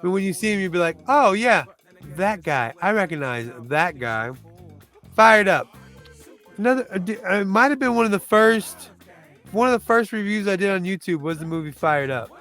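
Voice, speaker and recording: A man's voice: high-pitched, brisk, a bit bright, soft background music. Rambling man chatting about movies. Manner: rambling and loose, often restarting and groping for names. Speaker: movie reviewer. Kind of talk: casual movie countdown chat.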